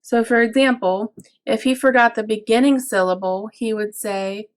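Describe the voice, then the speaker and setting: A woman teacher explaining early reading games for parents in an instructional video, patient and clear, drawing out example words. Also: fairly high pitch, fairly even intonation, normal speed, noisy background.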